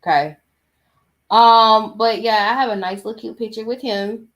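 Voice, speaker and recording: A woman's voice: a little high, steady tone, normal speed, a bit bright. Chatty young woman telling a story. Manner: chatty slangy storytelling, loose and digressive. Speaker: host. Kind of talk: casual chat.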